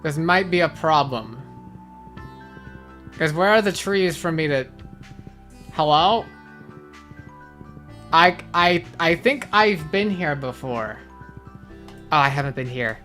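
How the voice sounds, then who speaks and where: A woman's voice: very deep voice, animated, moderate pace, long pauses, a bit bright, faint music behind. A woman streaming a game, chatting casually with viewers in a rambling, self-mocking way. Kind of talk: casual gaming stream chat.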